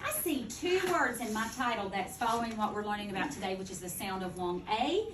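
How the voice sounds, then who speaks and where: A woman teaching a second-grade phonics lesson, speaking clearly and deliberately. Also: medium pitch, lively intonation. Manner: clear, deliberate teacher talk, slowing to model words. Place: classroom. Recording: echoey classroom from far off, noisy.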